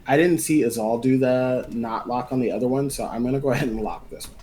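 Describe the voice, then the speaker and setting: A man's voice: medium pitch, quick pace, mellow, rough recording. A man playing a tabletop game who thinks aloud and plans each move step by step. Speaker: player.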